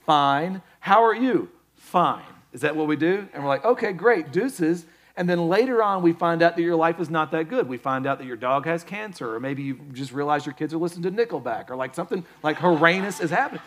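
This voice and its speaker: Casting: male pastor, slightly high voice, lively conversational sermon delivery. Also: quick pace, few pauses. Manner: conversational and animated, jumps to high, loud quoted voices.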